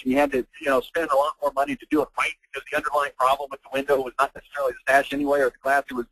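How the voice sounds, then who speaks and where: Blunt worked-up guy pitching marketing on a call, gravelly, dry close sound. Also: fairly bright tone, no echo, low-quality recording. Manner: fired-up, ranting, blunt. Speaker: marketing webinar presenter. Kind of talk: persuasive sales presentation. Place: online call.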